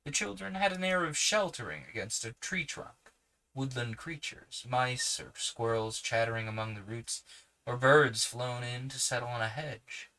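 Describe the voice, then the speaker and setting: A man reading a children's novel aloud, unhurried, with small self-corrections and casual asides. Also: medium pitch, sharp tone, poor audio. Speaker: podcast host reading a book aloud.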